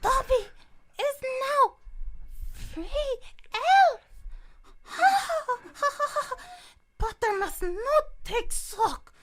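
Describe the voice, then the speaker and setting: A woman voicing a small, servile male house-elf with a high, squeaky voice. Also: animated, extremely slow, long pauses, heavily acted. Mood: pleading.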